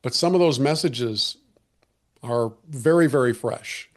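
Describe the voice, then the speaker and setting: A man speaks in a mid-range voice, earnest and reflective as he hosts a podcast conversation. His voice is a little hoarse, and he often restarts his sentences with fillers. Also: mid-range voice, unhurried. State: losing his voice. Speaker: podcast host.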